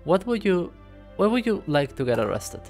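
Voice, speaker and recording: A man's voice: high voice, very animated, normal speed, soft background music, pitched above the performer's own voice. A man voicing an eager young male sparrow assistant who sounds curious and questioning.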